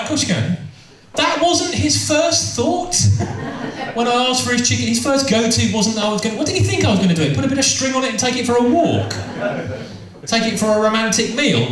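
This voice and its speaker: A man doing stand-up storytelling, rambling and repeating himself with amused asides. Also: very high-pitched. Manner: rambling, self-interrupting, amused. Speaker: stand-up comedian. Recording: echoey room from far off.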